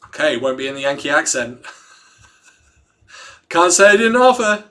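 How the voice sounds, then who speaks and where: Man, livestream host, casual, reading aloud, joking with viewers, bright voice, slightly high. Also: big pitch swings, measured pace. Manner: chatty and joking with viewers, laughs often.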